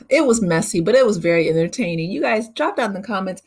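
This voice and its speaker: A woman's voice: mid-range voice, animated, fast, few pauses. A woman vlogger recapping a reality show in casual, chatty talk, with lots of "you know" fillers and opinionated asides.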